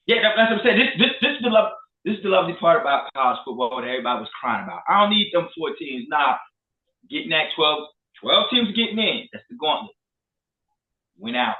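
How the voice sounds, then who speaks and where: Animated trash-talking man, echoey lo-fi sound. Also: on the high side, quick pace. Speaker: co-host. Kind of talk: casual sports talk. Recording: echoey room, phone-like lo-fi.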